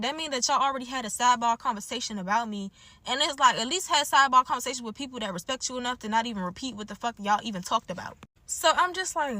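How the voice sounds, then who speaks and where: A woman's voice: high voice, no room sound. A young woman in her twenties from the DMV area, with its accent, bluntly telling a casual storytime full of slang and "like". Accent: DMV African American English. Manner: blunt, animated, slangy, frequent "like".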